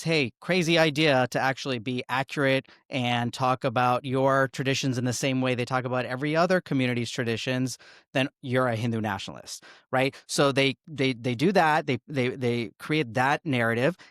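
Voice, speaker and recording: A man speaking on a casual panel, animated and rambling, often repeating words as he builds his point. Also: mid-range voice, no echo, clean studio sound.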